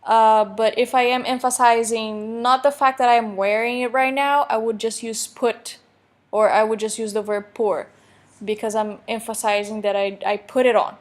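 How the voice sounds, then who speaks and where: A woman, a Portuguese teacher explaining grammar in a recorded online lecture, with joking asides and slowly read examples. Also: fairly high pitch, fairly even intonation. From Brazil.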